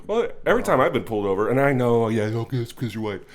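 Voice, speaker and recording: A man in a casual podcast chat, teasing and laughing often, talking in quick bursts. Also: mid-range voice, sing-song, a crowd in the background.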